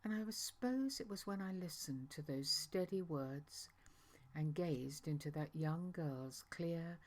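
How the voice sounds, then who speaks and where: A woman with a low-pitched, darkish voice performs a dramatic monologue, speaking a little slowly. She plays an awestruck, talkative angel messenger who rambles through the story of a visit, stumbling over asides and self-corrections.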